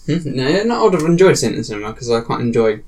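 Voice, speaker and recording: A man's voice: mid-range voice, very animated, very fast, darkish tone. A man co-hosting a film podcast, chatting in an easygoing, meandering way. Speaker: podcast co-host. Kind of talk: casual podcast chat.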